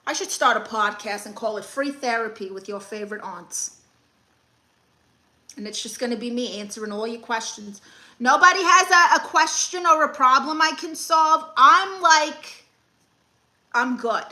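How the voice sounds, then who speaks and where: A woman's voice: on the high side, moderate pace, sharp tone. A young woman comedian hosting a live stream, reading comments and handing out blunt, sassy advice.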